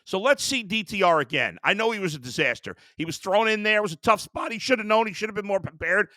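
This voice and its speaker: A man's voice: sits high, expressive, quick pace, pushed and bright, no room sound, clean studio sound. A man hosting a sports show, ranting in a heated, exasperated way about his team. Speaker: sports talk host. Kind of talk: sports rant.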